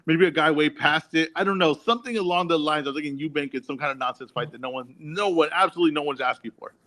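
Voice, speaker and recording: A man co-hosting a boxing podcast in casual chat, teasing and animated, often repeating himself. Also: on the high side, quick pace.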